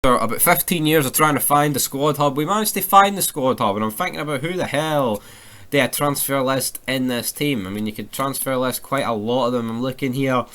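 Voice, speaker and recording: A man's voice: medium pitch, a little fast, a bit bright. A young Scottish man giving sweary, ranting casual commentary over a football video game career mode. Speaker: gaming YouTuber.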